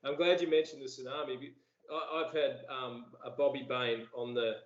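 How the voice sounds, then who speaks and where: Host in a roomy space. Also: male voice, mid-range voice, steady tone, moderate pace, lo-fi sound, a little hiss or hum. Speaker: podcast host. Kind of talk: casual interview chat.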